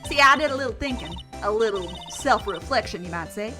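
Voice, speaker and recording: A woman's voice: on the high side, expressive, a little fast, natural voice. A woman voicing a scheming Southern woman photographer in a video game, with a put-on Southern drawl and folksy, dealmaking talk. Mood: sheepish. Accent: put-on American Southern. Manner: folksy drawl, wheeling and dealing. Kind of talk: reading a video game aloud. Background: game music.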